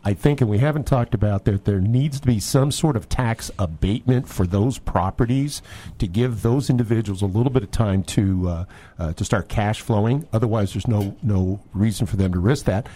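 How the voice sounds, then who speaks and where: A man's voice: on the low side, moderate pace, dark tone. A man guest on a radio show, explaining in a methodical, point-by-point way. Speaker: guest from city building standards. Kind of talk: radio interview answer.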